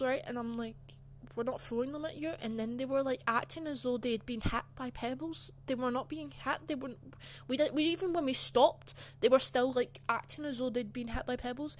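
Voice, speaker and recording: A woman's voice: fairly high pitch, a little hiss or hum. A young woman telling a casual personal story, chatty and indignant, full of filler words. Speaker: channel host.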